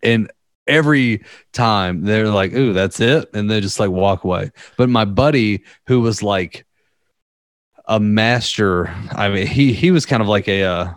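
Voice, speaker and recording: A man's voice: fairly low pitch, measured pace, clear, resonant tone, dry recording. A young man chatting casually, rambling through a story, often laughing and acting out the quotes. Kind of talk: casual podcast chat.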